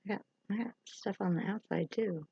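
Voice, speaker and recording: A woman's voice: mid-range voice, normal speed, vocal fry, husky, dry recording. A woman hosting a chatty livestream makeup tutorial, rambling and teasing herself as she works. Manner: rambling, joking, self-teasing. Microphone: camera or phone livestream. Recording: dull lo-fi sound.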